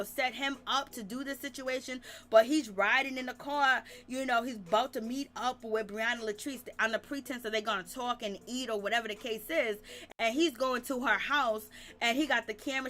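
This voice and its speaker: A woman dishes on a reality show in a loose, chatty recap. Her voice sits high and sounds bright and forceful. She keeps the gossip rolling and laughs often. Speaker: reality TV commentator. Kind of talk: casual recap commentary.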